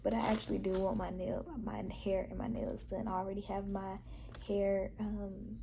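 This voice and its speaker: A woman's voice: mid-range voice, flat delivery, moderate pace, gravelly, mellow, slight background noise. A pregnant woman in her twenties chatting casually to her viewers at home, speaking straight to camera. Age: 20s. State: heavily pregnant. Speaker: vlogger. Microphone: on-camera mic.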